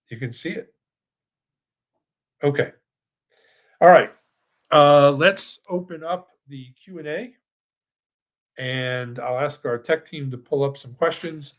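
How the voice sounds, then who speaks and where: An older man, a financial advisor, hosting a webinar in a chatty, rambling style and answering audience questions. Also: mid-range voice. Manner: chatty, with frequent restarts and asides. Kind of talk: casual presentation with live Q&A.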